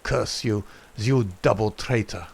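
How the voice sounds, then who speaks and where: A man voicing a strong, bitter captured foreign spy who speaks slowly and grimly. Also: fairly low pitch, fairly even intonation, creaky, husky, full character voice. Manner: slow, grim and resentful.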